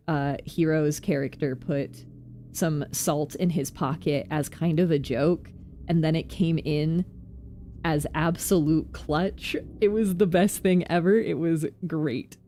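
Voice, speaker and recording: A woman vtuber chats through a game in casual commentary. Her voice sits low with a warm, mellow tone. She jumps between quick self-mocking asides. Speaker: vtuber streamer.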